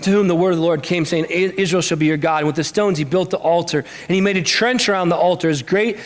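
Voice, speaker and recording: Animated high-voiced man preaching a sermon. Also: fast. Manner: animated storytelling, acting out quotes. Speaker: pastor. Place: church sanctuary.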